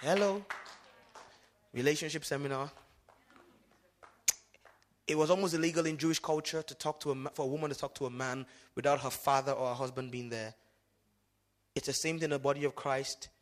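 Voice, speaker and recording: A pastor preaching a sermon, whose first language is Yoruba, who swings from loud exclamations to hushed asides and keeps calling for the congregation's response. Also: male voice, mid-range voice, fairly even intonation, fairly quick, long pauses.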